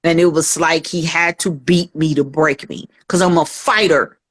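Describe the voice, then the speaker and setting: A woman's voice: sits low, steady tone, moderate pace. Woman telling her life story. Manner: earnest storytelling, acts out quoted voices. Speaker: guest. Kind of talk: personal testimony in a podcast interview.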